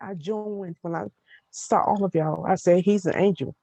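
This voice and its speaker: A woman on a group video call, speaking in a heartfelt, halting way as she holds back tears and asks a question. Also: lowish voice, creaky, dark tone, dry recording, muffled recording. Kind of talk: emotional testimony and question.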